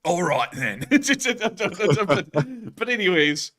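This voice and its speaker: A man chats on a live stream in an excitable way, laughing often and breaking into loud outbursts. His voice is bright and lively, sitting a little high for a man. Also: drawn-out words. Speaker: livestream host. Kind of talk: casual live-stream chat.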